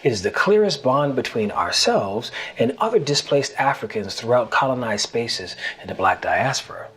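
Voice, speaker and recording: A man with a Gullah Geechee accent, a guest language teacher giving measured, earnest scripted explanations. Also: mid-range voice, a bit bright. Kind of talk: scripted educational narration.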